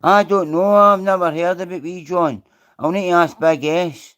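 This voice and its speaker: A Scottish man hosts a casual live stream, rambling along, swearing freely and greeting viewers by name. His voice sits high and sounds a bit bright and smooth, with fairly even intonation at a moderate pace.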